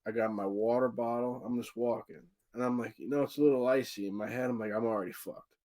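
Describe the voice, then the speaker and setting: Animated, profane podcast storyteller man. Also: mid-range voice, fast. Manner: animated, profane, acts out quotes. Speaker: podcast co-host. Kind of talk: casual storytelling chat.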